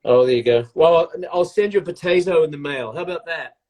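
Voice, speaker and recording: A man with a somewhat high voice chats on a live video call, rambling from one tangent to the next. He jokes about himself as he goes and keeps the talk light and casual. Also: fast talker, a little mellow. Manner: joking, rambling, self-mocking. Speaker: co-host of a live baking stream. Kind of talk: casual live-stream chat.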